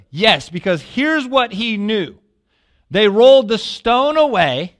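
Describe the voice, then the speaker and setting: A man preaching a sermon as a pastor, telling a story with lively asides and questions to the listeners, dropping to a hush when quoting prayers. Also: sits high, a little slow. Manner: animated storytelling, asks the congregation questions.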